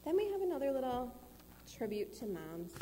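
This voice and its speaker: Mellow-voiced woman presenting church tributes. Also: high-pitched, sing-song, brisk, slight background noise. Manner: hesitant asides between readings. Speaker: program presenter. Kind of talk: reading tributes at a church service. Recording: church hall reverb.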